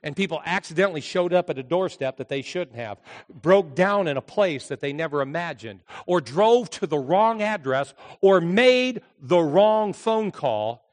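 A man preaching a sermon as a pastor, telling a story with animated delivery and acted-out voices. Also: a little high, moderate pace, long reverb tail.

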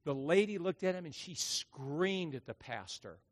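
A male pastor preaching a sermon in a church, emphatic, swinging between loud and hushed. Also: fairly high pitch, expressive, unhurried, in a large hall. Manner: emphatic preaching with dramatic acted quotes and big volume swings. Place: church sanctuary.

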